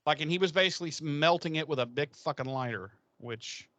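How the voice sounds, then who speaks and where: A man co-hosting a podcast, casually recapping an episode with crude jokes and quick impressions of the characters. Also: fairly high pitch, pushed and bright, no room sound, muffled recording. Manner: profane, joking, acts out characters' lines. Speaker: podcast co-host.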